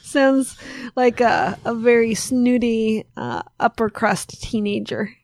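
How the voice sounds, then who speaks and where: A woman's voice: a little high, slow pace, vocal fry, a little mellow, no echo. A woman co-hosting a casual podcast, rambling and teasing her co-host as she corrects herself mid-sentence. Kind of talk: casual chat.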